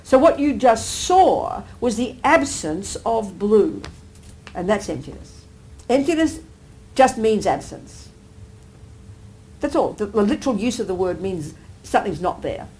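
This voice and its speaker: A woman Buddhist teacher giving a live talk, animated, often asking her listeners whether they agree and acting out everyday exclamations. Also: mid-range voice, measured pace, poor audio. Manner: acts out everyday exclamations with sudden lifts. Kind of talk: live dharma teaching to an audience.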